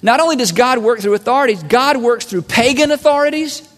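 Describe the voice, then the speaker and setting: A man preaching a sermon as a pastor, animated and acting out voices of listeners and God. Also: very high voice, a little fast. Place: large church hall. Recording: long hall reverb.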